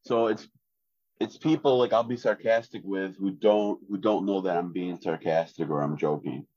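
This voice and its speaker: A man, co-hosting a casual podcast chat in a flat, deadpan way with lots of fillers. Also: low voice, normal speed, dry recording, dull audio. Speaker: podcast co-host.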